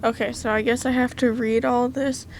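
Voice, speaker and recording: Woman, Southern US accent, gaming commentary, tired voice, raised pitch, chatty, mildly sweary. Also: little pitch movement, normal speed, noisy background. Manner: chatty, thinks aloud, swaps in mild cutesy cursing. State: tired, voice wearing out. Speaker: gaming channel host. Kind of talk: casual let's-play commentary.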